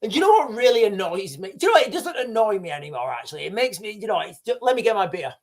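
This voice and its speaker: A man's voice: sits high, very animated, fast talker. Rambling man hosting a livestream. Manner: rambling, repeats himself, addresses viewers as guys. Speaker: livestream host. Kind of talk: casual livestream commentary.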